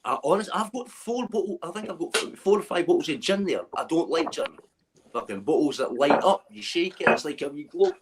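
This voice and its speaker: A man's voice: fairly high pitch, lively intonation, brisk. Scottish man, rambling and noisy. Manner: swearing, laughing, rambling. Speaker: chat guest. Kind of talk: casual chat.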